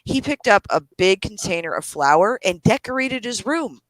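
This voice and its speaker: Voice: mid-range voice, very animated, normal speed, fairly bright tone, no echo, poor audio. Laid-back, cussing parent storyteller. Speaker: live stream co-host. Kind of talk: casual chat.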